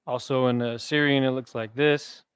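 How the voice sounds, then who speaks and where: A man's voice: mid-range voice, fairly even intonation, moderate pace, smooth, dry recording. A man teaching a class, talking casually and quizzing his students with questions. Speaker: Hebrew teacher. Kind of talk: classroom lesson.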